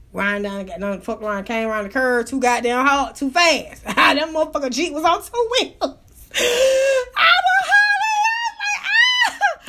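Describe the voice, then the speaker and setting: A woman hosting her own radio show, telling wild stories in a loud, profane, animated way. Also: mid-range voice, slight background noise. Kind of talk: casual storytelling monologue.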